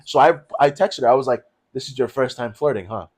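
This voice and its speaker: Young New York guy, co-host, blunt and profane, animated storyteller. Mid-range pitch. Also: quick pace. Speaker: podcast co-host. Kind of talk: casual chat.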